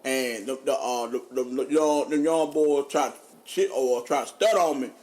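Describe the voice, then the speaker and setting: A man, a podcast co-host telling funny stories in casual chat, animated and laughing often. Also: moderate pace. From North Carolina. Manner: animated, laughing often, drops low for quoted voices. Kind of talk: casual storytelling.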